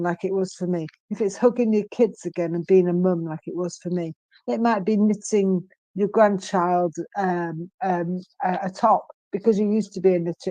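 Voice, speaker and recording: Warm-voiced woman in her fifties. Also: mid-range voice, no echo. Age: 50s. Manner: earnest and emphatic, with frequent pauses and restarts. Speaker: guest, stroke survivor. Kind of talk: candid interview conversation.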